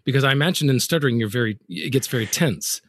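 A man's voice: medium pitch, animated, quick pace, a bit bright, husky, dry recording, clean studio sound. A man hosting a podcast, asking thoughtful interview questions with occasional small stumbles and repeated words. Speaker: podcast host.

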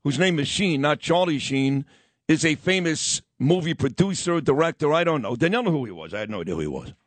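A middle-aged man hosts a radio show, spinning stories and sports takes in a lively, wisecracking way. His voice sits a bit high. The studio sound is dry and close. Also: brisk, no echo. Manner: animated, wisecracking, acts out others in quoted voices. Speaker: radio host. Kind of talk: casual storytelling and sports talk.

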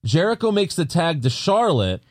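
A man's voice: fairly high pitch, very animated, normal speed. A man co-hosting a podcast, recapping wrestling matches play by play in casual chat, swearing and laughing as he goes. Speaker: podcast co-host.

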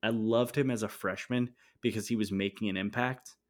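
A man's voice: on the low side, steady tone. A man co-hosting a podcast, giving blunt, opinionated takes in casual sports chat. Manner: blunt, opinionated, quick interjections. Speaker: podcast co-host.

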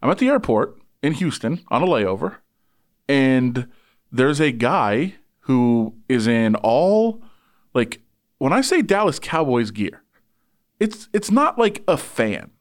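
A man's voice: medium pitch, takes it slowly. A man who works as a sports reporter, telling a long story in casual chat and acting out the people in it. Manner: animated, voices people in anecdotes.

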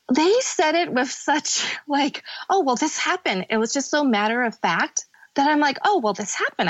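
Young adult woman, guest, candid halting storytelling, higher voice, dry muffled sound. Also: dry recording. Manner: candid, tearful at times, halting. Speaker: podcast guest. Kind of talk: emotional personal storytelling.

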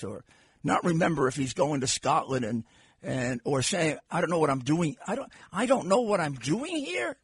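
An older man hosting a political talk radio show, animated and restarting his phrases as he talks. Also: fairly high pitch, slightly rough, dry recording, studio quality.

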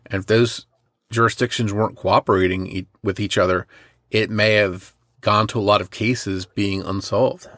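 A man from New Jersey co-hosting a true crime podcast, talking in a careful, measured and analytical way. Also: on the low side, fairly even intonation, a bit bright, no room sound, studio quality. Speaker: podcast co-host.

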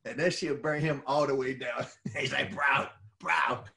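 A middle-aged man telling stories in casual chat, animated and swearing freely. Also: medium pitch, moderate pace, creaky. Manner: animated storyteller who swears freely and laughs at his own stories. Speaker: podcast co-host and former wrestler.

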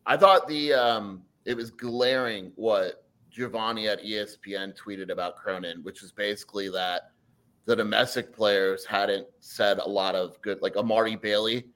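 Animated man pitching hot sports takes. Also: normal speed. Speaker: podcast co-host. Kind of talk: casual sports chat.

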